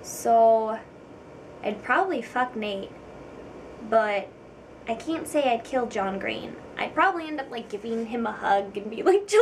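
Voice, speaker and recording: A woman's voice: fairly high pitch, recorded from a distance, a little hiss or hum, low-quality recording. A young woman vlogger chatting casually to camera, giggly and self-deprecating, with frequent ums.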